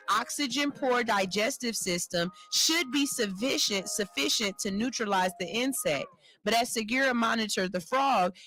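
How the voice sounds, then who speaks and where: A woman hosting a morning radio show, reading a news story aloud and riffing on it with animated jokes. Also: on the high side. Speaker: radio host. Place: radio studio.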